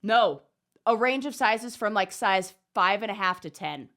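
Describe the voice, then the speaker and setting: A woman co-hosting a podcast in casual chat, talking in quick panicky bursts from her basement studio. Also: mid-range voice, lively intonation, a bit bright. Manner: panicky, breathless, exclaiming. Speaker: podcast co-host.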